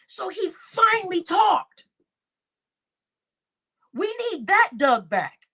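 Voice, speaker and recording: A woman's voice: very high voice, very animated, takes it slowly, long pauses, fairly bright tone. A woman giving an indignant, exclaiming livestream commentary, talking straight to her chat.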